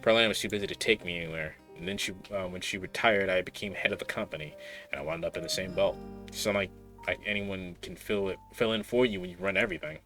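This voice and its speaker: A man's voice: deep voice, animated, fast talker, vocal fry, sharp tone, faint music behind, heavily acted. A man reading the lines of a guarded young woman who runs the town mines, in a dry, matter-of-fact way. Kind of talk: reading game dialogue aloud.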